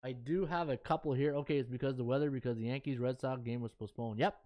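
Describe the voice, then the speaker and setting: A man's voice: mid-range voice, fairly even intonation, fast talker, warm tone. A middle-aged man, a sports betting handicapper chatting casually on a live stream and thinking aloud as he scrolls through stats.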